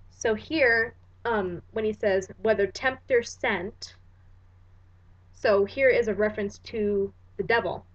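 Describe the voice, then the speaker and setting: A woman's voice: mid-range voice, highs cut off. A woman reading a classic poem aloud, then breaking it down in a casual, slangy way. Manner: slangy, conversational asides between recited verses. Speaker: poetry explainer. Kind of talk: casual explanation with dramatic poem recitation.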